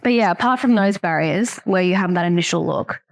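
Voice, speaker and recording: A woman's voice: lowish voice, a little fast, vocal fry, no room sound. A young woman from Australia with an Australian accent, telling a personal story in a casual podcast chat, restarting often and leaning on fillers.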